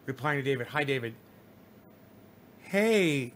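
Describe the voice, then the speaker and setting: A middle-aged man hosts a casual livestream, reading out viewers' comments and answering them at length. His voice sits high and sounds bright. He rambles and swears freely as he lectures the chat. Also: moderate pace, a little hiss or hum. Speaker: live streamer reading chat.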